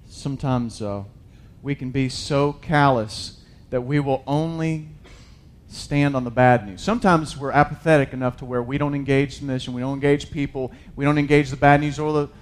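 A man preaching a sermon, reading scripture and paraphrasing it casually, swinging from loud emphatic bursts to hushed asides. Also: mid-range voice, moderate pace.

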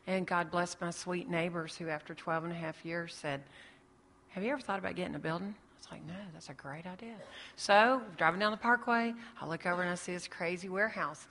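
Her voice is fairly low and fairly bright, and she speaks a little fast, with a little hiss or hum on the audio. She's a woman recounting her ministry story to an audience, voicing the characters in her dialogue, recorded with long hall reverb.

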